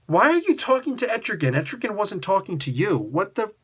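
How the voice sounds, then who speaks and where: Male comic reviewer, casual rant, very expressive pitch, frequent fillers, exasperated outbursts. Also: a little fast, husky. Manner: animated, exasperated ranting with mock outbursts; heavy use of filler "like" and "you know".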